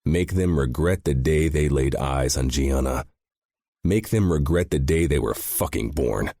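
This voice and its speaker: A man's voice: extremely low pitch, a little slow, warm tone, dry recording, studio quality. A man narrating a first-person audiobook with a grim, intense delivery.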